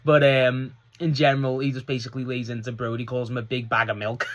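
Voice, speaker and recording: A man talking through a wrestling episode in a loose, casual solo review. His voice is bright and forceful, and he swears freely as he recounts each segment with eager enthusiasm. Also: medium pitch, brisk. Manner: excitable, swearing, laughing, recounting scenes.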